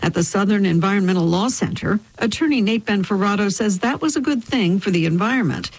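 A female radio reporter narrates a scripted news feature. She has a mid-pitched voice and clear, narrative phrasing. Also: lively intonation, a little fast, low-quality recording.

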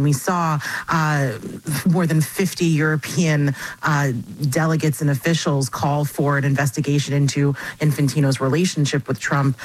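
A woman sports journalist answering interview questions in a measured way, with frequent fillers and hedges. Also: low voice, poor audio. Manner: measured, hedging with many fillers.

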